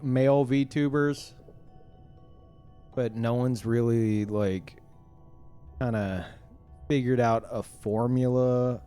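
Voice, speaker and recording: A male streamer rambles casually to his viewers, full of fillers and false starts, with soft music playing behind him. His voice is mid-range and smooth.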